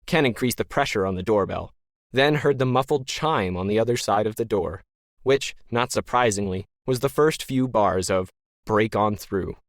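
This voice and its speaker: A man narrating a science-fiction story in a wry, deadpan manner. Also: on the low side, moderate pace, no echo, clean studio sound. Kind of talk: scripted narration.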